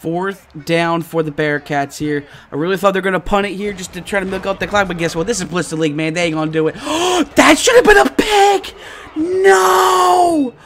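A man hosting a gaming channel, giving live let's-play commentary and reacting excitably to each play. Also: a little high, quick pace, few pauses, a little hiss or hum. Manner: excitable, yelling and groaning at plays.

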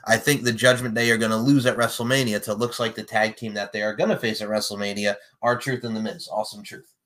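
A man hosting a casual chat, animated and joking, with sudden loud bursts. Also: on the low side, fast. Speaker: podcast host predicting wrestling matches.

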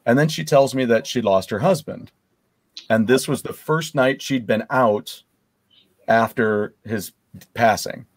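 A man's voice: medium pitch, measured pace, no room sound. A man hosting an interview show, chatting casually and telling personal stories with empathy. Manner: empathetic, storytelling, frequent fillers. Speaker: podcast host.

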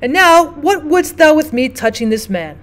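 A woman voicing a bitter old male physician bent on revenge, speaking loudly and sternly in old-fashioned words. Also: high voice, big pitch swings, moderate pace, voice pushed up. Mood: grim.

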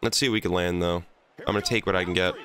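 A man's voice: sits low, fairly even intonation, very fast, fairly bright tone. A man hosting a gaming channel, angrily venting and swearing as he plays through a fighting game. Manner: exasperated, profane venting. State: angry. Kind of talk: let's play commentary.

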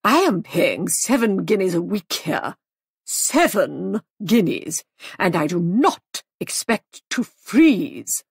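Woman reading as bossy older lady guest, slow clipped haughty, husky rasp. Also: fairly low pitch, very animated, dry recording, studio quality, full character voice. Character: imperious, demanding older female guest.

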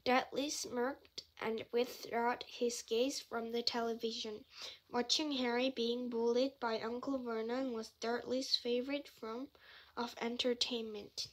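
A woman reads a novel aloud in a high voice, at an unhurried pace. Her reading is careful, and she sometimes trips over a phrase and goes back to say it again. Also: little pitch movement, low-quality recording. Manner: careful reading with slips and restarts. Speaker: reader.

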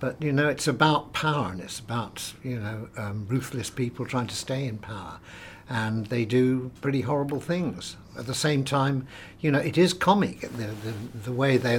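A man's voice: mid-range voice, slight background noise. A man interviewed as an actor, talking in a chatty, self-deprecating way and often stumbling over his first words. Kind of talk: casual interview chat.

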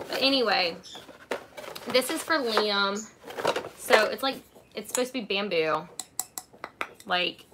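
A woman chats through her haul in a casual live stream, her voice sitting a touch high. She rambles and pads her sentences with fillers. A clear layer of background noise sits under her voice. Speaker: channel host showing purchases.

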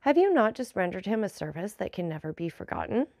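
A woman voicing an earnest young gentleman in a formal, measured storybook reading. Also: mid-range voice, sing-song, vocal fry, no echo, studio quality. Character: earnest young gentleman, worried for his friend.

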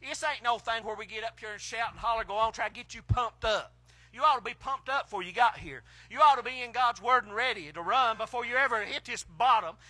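Man, fiery preacher; high, ringing voice, bursts of shouting, then drops low. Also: a little fast, dry recording. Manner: swings between hushed and shouted exclamations. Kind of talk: fiery country sermon. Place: outdoor drive-in church service.

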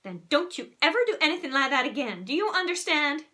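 A woman's voice: high voice, big pitch swings, fairly quick, sharp tone, pitched above the performer's own voice, exaggerated voice. A woman reading a storybook aloud, voicing a stern, exasperated mother who scolds in a firm manner. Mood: scolding.

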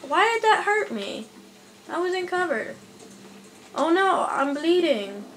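A woman giving chatty, excitable let's play commentary at home, talking back at the enemies on screen. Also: extremely high pitch, a little slow, a little hiss or hum. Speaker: gaming YouTuber.

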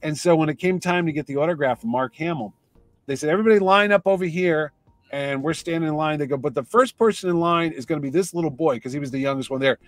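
Brief: male storyteller, fairly high voice, dry close sound, acts out the voices in his story. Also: quick pace, no room sound, soft background music. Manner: animated anecdote teller, acts out voices in quotes. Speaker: comic convention organizer. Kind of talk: casual storytelling.

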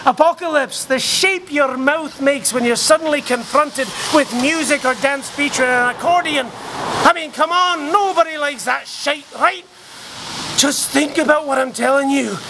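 An actor playing a rambling middle-aged drunk, ranting mock-profound comic wisdom. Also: male voice, very high voice, fairly bright tone, slight background noise. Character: boozy rambling middle-aged male pub philosopher. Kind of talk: comic monologue.

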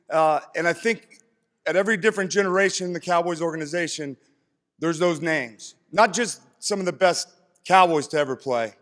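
A man in his thirties from East Tennessee giving an earnest, heartfelt acceptance speech on a stage. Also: on the high side. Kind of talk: speech to an audience. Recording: long hall reverb from PA.

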